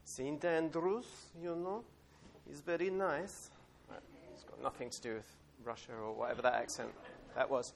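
A man's voice: on the high side, fairly even intonation, moderate pace, creaky, slight background noise. A man giving an informal sermon in a church, chatty and rambling, with plenty of fillers and light laughs. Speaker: preacher.

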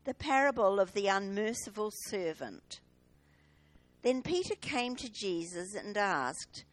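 A woman reads Bible passages during a church service. She takes her time, unhurried and clear. Her pitch sits mid-range as she lifts the quoted lines with expression. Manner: measured, expressive reading aloud. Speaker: scripture reader. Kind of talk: liturgical Bible reading.

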